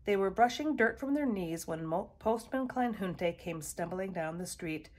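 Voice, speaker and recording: A woman reading a children's picture book aloud in a measured storytelling voice. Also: mid-range voice, animated, darkish tone. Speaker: storybook reader.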